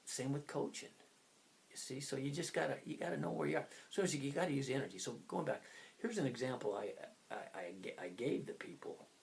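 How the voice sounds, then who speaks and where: An older man in his sixties coaching and motivating in a loose, chatty way. His pitch leaps up and drops all over, and he wanders off on tangents, flipping from sudden loud bursts to near-whispered asides. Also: lively intonation, fairly quick, gravelly, a little hiss or hum. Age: 60s. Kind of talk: casual motivational talk.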